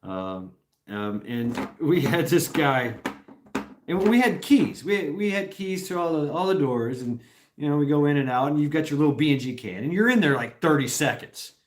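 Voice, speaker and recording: A man's voice: on the high side, animated, moderate pace, a little hiss or hum. A middle-aged man from Tennessee hosting a casual live stream, rambling, swearing and laughing often as he reads comments.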